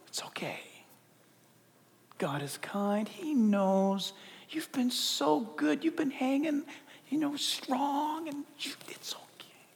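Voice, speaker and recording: A sly devil murmuring in a low, breathy whisper, as a preacher puts him on. It coaxes softly, then turns to hissed accusation. A long hall reverb trails every word. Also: male voice, full character voice. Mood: coaxing. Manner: hushed whisper, coaxing then condemning.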